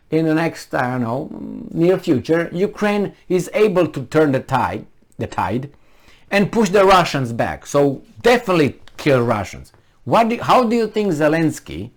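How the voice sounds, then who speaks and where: A man hosting a solo commentary vlog, talking emphatically with rhetorical questions and frequent restarts. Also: fairly high pitch. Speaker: channel host.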